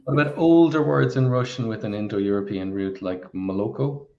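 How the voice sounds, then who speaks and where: Host, male, lowish voice, reads viewer questions steadily; muffled lo-fi call audio. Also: a little mellow, slight background noise. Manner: reads questions aloud at a measured pace.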